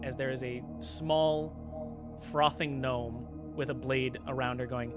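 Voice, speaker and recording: A man's voice: medium pitch, little pitch movement, slow, over music. A man narrating as dungeon master in a casual, filler-heavy way. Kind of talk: narrating a tabletop game.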